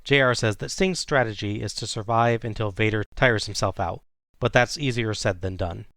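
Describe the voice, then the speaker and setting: Low-voiced man recapping a wrestling match. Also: normal speed, fairly bright tone, no echo, clean studio sound. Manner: play-by-play recap with chuckles. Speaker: podcast host recapping wrestling. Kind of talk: casual recap narration.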